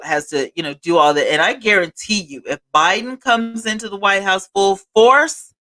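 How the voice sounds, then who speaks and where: A woman talks straight to her viewers on a live stream, emphatic and animated. Her voice is bright and forceful, and she drives her points home by saying them twice. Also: lowish voice. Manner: emphatic, animated, repeats lines for effect. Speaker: host. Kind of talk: live-stream political commentary.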